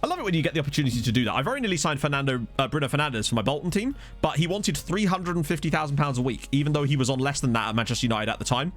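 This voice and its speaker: A male streamer talking into a desktop mic at home, his pitch swinging up and down a lot as he rambles through a football management game. He chats with viewers in a loose, easygoing way, with faint music in the background. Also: lively intonation, racing, hardly any pauses. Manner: chatty, rambling, answers viewer chat. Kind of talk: casual live-stream commentary. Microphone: desktop USB microphone.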